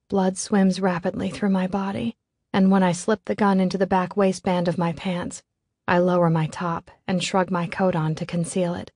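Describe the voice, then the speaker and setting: Dry, low-voiced woman narrating an audiobook. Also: little pitch movement, normal speed, darkish tone, no echo. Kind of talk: scripted first-person narration.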